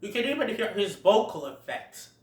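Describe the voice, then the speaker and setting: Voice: mid-range voice, big pitch swings, moderate pace. A movie reviewer giving a casual, giggly play-by-play of a cartoon film, recorded in a roomy space away from the mic. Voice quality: chatty, giggly retelling with quoted lines. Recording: roomy echo, distant from mic.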